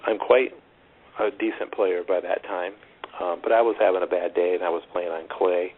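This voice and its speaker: A middle-aged man, a tennis coach, telling stories earnestly in a phone interview, rambling with restarts. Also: low voice. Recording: tinny phone line with faint hiss.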